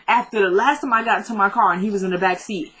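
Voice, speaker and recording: A young woman talks straight to her viewers, recapping a drama episode in an easy, chatty way. She retells each scene with lively energy and plenty of asides. Her voice sits at an ordinary middle pitch for a woman. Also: quick pace, rough recording. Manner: chatty, animated retelling with quoted dialogue. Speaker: TV recap vlogger.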